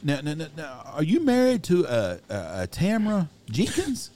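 A man voicing a hesitant, stammering male prank caller with a slow drawl. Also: on the high side, huge pitch swings, dark tone, pitched above the performer's own voice. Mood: sly.

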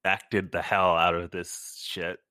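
A man's voice: deep voice, flat delivery, slow pace, bright, forceful tone, no echo, clean studio sound. A man making jokey, crude asides in casual chat. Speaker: podcast co-host.

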